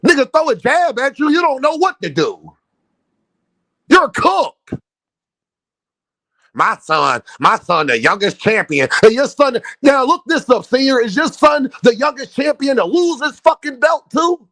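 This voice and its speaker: A man with a high voice that swings widely up and down, hosting a livestream and firing back at his chat. He is brash, profane and mocking, and he sounds dry and close to the mic. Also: animated, normal speed, a bit bright, dry recording. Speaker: boxing livestream host. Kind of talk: heated livestream rant at viewers.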